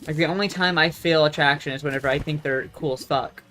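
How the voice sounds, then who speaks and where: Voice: mid-range voice, fast, sharp tone. Young adult ranting, profane and scattered. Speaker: gaming vlogger. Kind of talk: casual storytelling rant.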